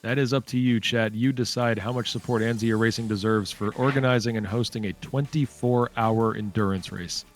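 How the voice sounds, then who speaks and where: A man's voice: fairly low pitch, steady tone, normal speed, hardly any pauses, soft background music. A man commentating a live-streamed space ship race, chatty and thanking viewers by name.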